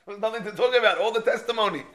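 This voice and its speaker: Cocky young lawyer, high bright voice, super matter-of-fact, guy doing it in a sermon. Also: very fast. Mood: confident. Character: cocky young male lawyer, sure of himself.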